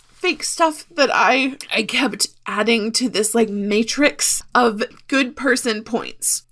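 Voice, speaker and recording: A woman's voice: a little high, fairly bright tone. Solo podcast host, a woman, tearful and raw, confessional monologue. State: crying.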